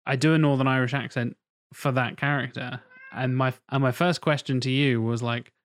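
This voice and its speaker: A man's voice: mid-range voice, steady tone, moderate pace. A man co-hosting a podcast, chatting casually, laughing and self-deprecating with casual swearing. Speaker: podcast co-host.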